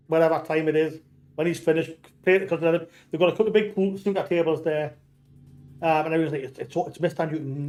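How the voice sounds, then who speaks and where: A man's voice: fairly high pitch, dark tone. Rambling Geordie man telling stories. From North East England. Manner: rambling storyteller, many restarts, swears freely. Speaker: streamer. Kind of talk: casual chat while gaming.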